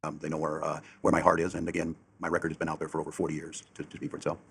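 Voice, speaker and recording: A man in his sixties answering interview questions earnestly, halting with ums and uhs. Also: very deep voice, completely flat delivery, creaky, a bit bright, a little hiss or hum. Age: 60s. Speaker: interviewee, politician. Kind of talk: television interview.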